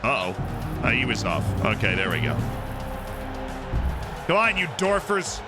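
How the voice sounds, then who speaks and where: A man live-streaming a football manager game, commenting on the match like a sports caster and bursting into shouts at goals. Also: medium pitch, wildly swooping pitch, a little slow. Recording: game music clearly playing behind. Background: game music.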